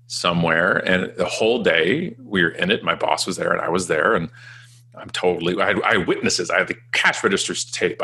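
Gravelly low-voiced man telling stories. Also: pushed and bright. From Canada. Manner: chatty, self-deprecating, acts out quoted dialogue. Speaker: guest. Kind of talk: casual storytelling interview.

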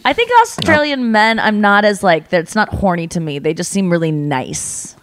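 Woman, podcast host, casual chat, animated storyteller, very expressive pitch. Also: moderate pace. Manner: animated storyteller, acts out quotes.

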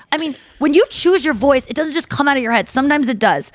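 A woman hosting a podcast in casual chat, talking fast and loose, full of "like", and slipping into singer impressions. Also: high voice, lively intonation, dry recording, studio quality. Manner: chatty, slips into quick singer impressions. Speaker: podcast host.

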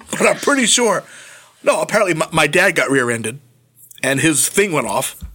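A man's voice: a little high, bright, forceful tone, slightly rough. A middle-aged man in casual podcast chat, a profane storyteller who laughs a lot. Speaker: podcast host.

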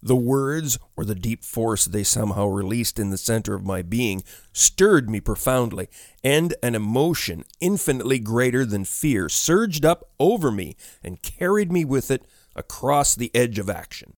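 A man narrating a classic ghost story audiobook in a measured, expressive way. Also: mid-range voice, no room sound, studio quality.

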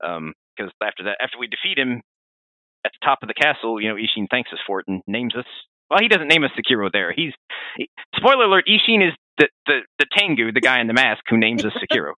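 A man hosting a podcast, telling game lore in a rambling, animated way with frequent restarts. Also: mid-range voice, fast, no echo. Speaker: podcast host. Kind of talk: casual lore discussion. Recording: dry, phone-like narrow sound.

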